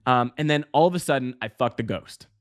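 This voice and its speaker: Male podcast host, mid-pitched, rambling casual storyteller, swears freely, yelps high when acting out scenes. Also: a little fast. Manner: rambling, many fillers and restarts, swearing.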